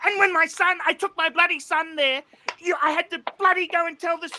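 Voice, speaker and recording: A man's voice: very high-pitched, fairly even intonation, brisk, pushed and bright, a little hiss or hum. A man hosting a livestream, ranting angrily about a restaurant, swearing and repeating himself. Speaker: livestream host. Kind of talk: livestream rant.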